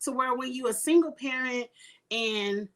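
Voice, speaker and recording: A middle-aged woman, talking in a fairly high voice. She rants bluntly through a casual live recap with plenty of swearing and frequent throat clearing. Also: measured pace, slight background noise. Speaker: reality TV recap host.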